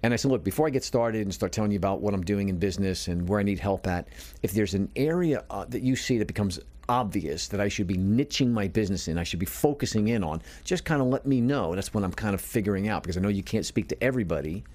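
Fast-talking deep-voiced man telling his story. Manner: earnest, animated storyteller who acts out quoted dialogue. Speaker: guest, motivational speaker and business coach. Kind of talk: conversational storytelling.

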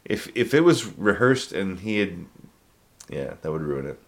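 A man in his forties, a podcast co-host, telling military stories in casual chat, swearing freely and acting out shouted drill instructor lines. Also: sits low, very animated, measured pace. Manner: storytelling, acts out drill instructors loudly.

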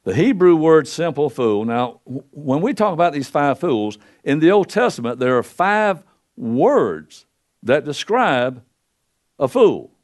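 An older pastor preaching a folksy sermon into a pulpit microphone, swinging between loud and soft. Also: male voice, big pitch swings, measured pace. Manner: folksy preaching with wide swings in pitch and loudness.

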